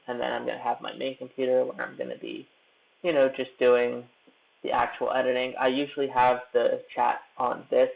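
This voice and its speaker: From a hotel room, a young YouTube creator live-streams while editing, rambling casually and poking fun at himself. His mid-range voice is creaky, and the audio sounds tinny, like a phone.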